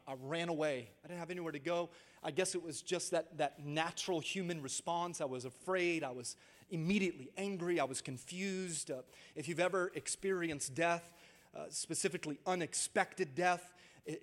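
A man preaching a sermon as pastor, building to shouted emphasis. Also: sits high. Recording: long hall reverb.

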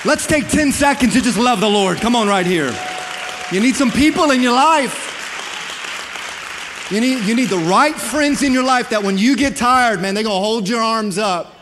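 A man preaching with passion, calling on his listeners to answer back. His voice sits high for a man. It carries with a long echo through a big hall. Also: lively intonation, moderate pace, a crowd in the background, noisy background. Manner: impassioned preaching with call-and-response. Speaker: pastor. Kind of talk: sermon.

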